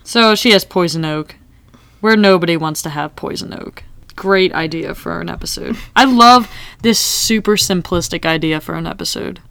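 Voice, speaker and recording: A young woman co-hosts a casual podcast and talks through a TV episode with a friend. Her voice is smooth and clear. The recording is dry and close to the mic. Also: lowish voice, normal speed, no echo. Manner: chatty, animated, quotes characters. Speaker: podcast co-host. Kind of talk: casual TV recap chat.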